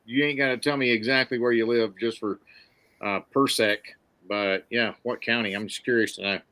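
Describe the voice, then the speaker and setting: A man from Mississippi with a Southern accent, hosting a podcast in casual, folksy, excitable chat. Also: medium pitch, moderate pace, dry recording. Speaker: podcast host.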